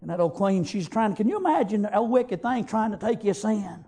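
Preacher guy, high raspy voice, folksy storytelling sermon, lots of amen and praise god. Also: lively intonation, moderate pace, few pauses, mellow.

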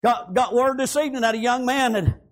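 A man preaching a fervent sermon, constantly breaking in with "amen" and "praise God" and rising into shouts. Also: extremely high pitch, fairly quick.

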